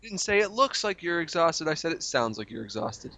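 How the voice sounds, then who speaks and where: A man's voice: fairly high pitch, sing-song, a little fast, gravelly, bright, forceful tone, no room sound. A man co-hosting a comedic podcast over a video call, grumpy and sarcastic, teasing his partner and swearing. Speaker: podcast co-host. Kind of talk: comedic casual chat. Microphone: video call mic.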